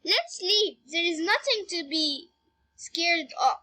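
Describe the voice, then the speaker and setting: A woman's voice: very high voice, big pitch swings, slow, bright, forceful tone, heavily acted. A woman voicing a brother who brushes off his sister's fears in a storybook tale. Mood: calm. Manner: brushing off worries. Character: calm dismissive brother.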